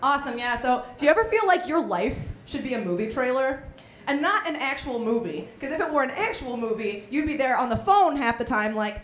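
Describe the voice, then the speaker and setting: A young woman in her twenties performing a stand-up comedy set, telling stories with quick voiced asides. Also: high voice, expressive. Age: young adult. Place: small college comedy venue. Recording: echoey room with faint noise.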